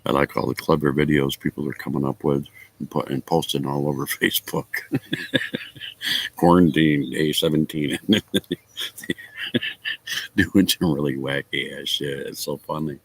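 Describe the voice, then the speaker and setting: Man, very deep voice, husky, dry close sound, casual chat, laughs a lot, swears. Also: fairly even intonation, normal speed, long pauses, no room sound. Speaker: livestream host chatting with viewers.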